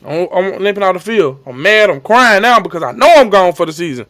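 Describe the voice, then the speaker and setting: Young man, high and very lively voice, vivid vlog storyteller who acts out the scenes. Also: a little fast. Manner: animated, acts out shouts and coaches' lines. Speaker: vlogger telling his injury story. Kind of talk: emotional storytelling to camera.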